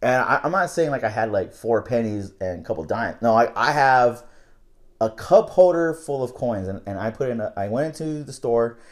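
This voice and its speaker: A man's voice: mid-range voice, expressive, moderate pace. A young man telling a casual, candid story about his night-shift work, rambling and swearing freely.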